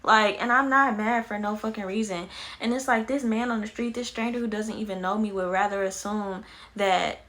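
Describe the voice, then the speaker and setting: A young woman vlogger telling her own story candidly, animated, blunt and swearing freely. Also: mid-range voice, normal speed. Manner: animated, blunt and profane, many fillers.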